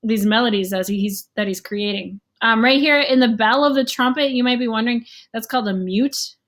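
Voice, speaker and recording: A woman's voice: a little high, a little fast, fairly bright tone. A young adult woman giving a casual online music lesson, explaining rhythm and scales and sometimes humming or counting beats aloud. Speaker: music teacher.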